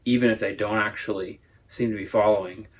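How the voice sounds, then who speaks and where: A man's voice: on the low side, fairly even intonation, fairly quick, slightly rough. A man teaching a Sunday school lesson, explaining at length in a casual, thoughtful way. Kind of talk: casual Bible discussion.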